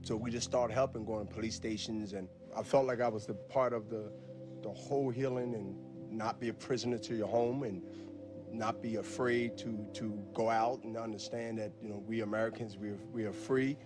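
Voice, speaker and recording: A man's voice: on the low side, fairly even intonation, normal speed, music in the background. A man, a former boxer, giving blunt, plain-spoken interview answers with some fillers.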